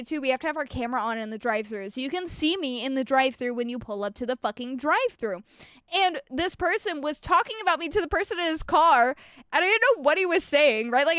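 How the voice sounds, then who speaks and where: A woman's voice: high voice, dry recording, clean studio sound. A young adult woman streaming live, telling stories with plenty of swearing and reading out her chat. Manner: animated, swearing, ranting storyteller; reads and answers chat messages.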